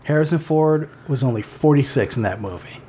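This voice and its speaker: A man co-hosts a casual movie podcast in a brisk, expressive, dark-toned voice of medium pitch, with slight background noise. He rambles, correcting himself and using "like" constantly.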